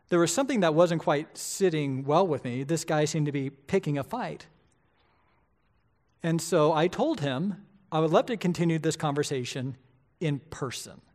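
A middle-aged man, a pastor, preaching a sermon in a lively, conversational way, often asking the congregation rhetorical questions. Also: fairly high pitch.

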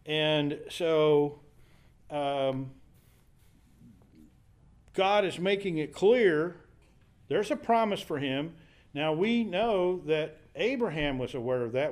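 Man, Bible study teacher, relaxed explaining, slightly higher pitch. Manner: thinking aloud with fillers and restarts, paraphrasing scripture.

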